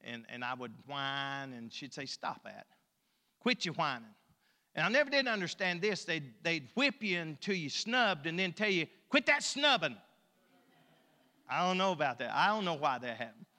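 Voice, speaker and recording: A man's voice: fairly high pitch, big pitch swings, fairly quick, hardly any pauses. Folksy preacher man in a reverberant hall. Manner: folksy, joking, swings between loud and soft. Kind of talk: sermon.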